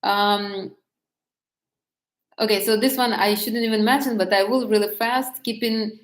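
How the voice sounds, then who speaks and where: A woman talks frankly and casually, circling back on her own words as she goes. Her voice sits in an ordinary middle pitch. The room around her carries a noticeable echo. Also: fairly even intonation, measured pace. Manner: candid and chatty, with many restarts and laughs. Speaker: vlogger giving dating advice. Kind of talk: casual talk to camera.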